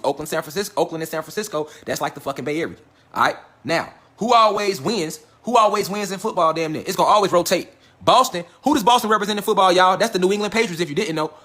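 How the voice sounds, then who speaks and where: A man's voice: high-pitched, fairly bright tone. A man giving a casual livestream lecture, talking straight to his viewers. He swears often, asks them questions, and keeps stressing his points with "facts" and "all right?". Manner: profane, emphatic, repeats "facts" and "all right". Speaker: online lecture host.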